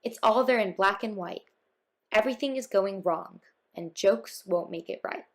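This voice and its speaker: A woman's voice: medium pitch, moderate pace, lightly acted. A woman voicing a glum, scoffing man with a briefcase in a storybook reading. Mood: bitter. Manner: scoffing and gloomy.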